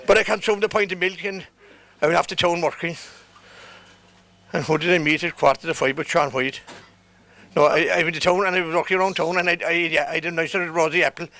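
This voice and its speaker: Irish guy spinning a rude rhyming yarn, high bright voice, punchline after punchline. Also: steady tone, quick pace. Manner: rhyming, bawdy, punchline-driven delivery. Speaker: comic storyteller. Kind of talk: comic recitation to a pub audience. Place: pub function.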